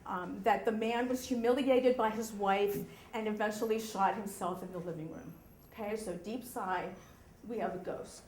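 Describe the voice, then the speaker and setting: A woman telling a true story live on stage, animated, often checking in with the audience. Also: mid-range voice, moderate pace, reverberant, slight background noise.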